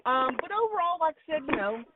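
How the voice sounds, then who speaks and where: A woman's voice: high-pitched, sing-song, quick pace, heavy background noise. Blunt, cussing woman on a phone line. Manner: blunt, opinionated, swears freely. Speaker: call-in wrestling commentator. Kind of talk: casual call-in chat. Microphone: phone call. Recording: tinny phone line, far from mic.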